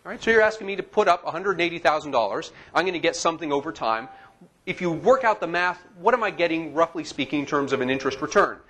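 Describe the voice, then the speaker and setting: Lively male lecturer, slightly high voice. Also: quick pace, husky. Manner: lively, talks to the audience with asides and questions. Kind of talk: classroom lecture. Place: lecture hall.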